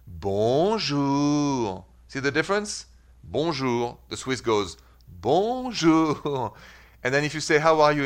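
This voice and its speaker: A man's voice: mid-range voice, bright, forceful tone. Male radio host. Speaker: radio advice show host. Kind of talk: radio call-in talk.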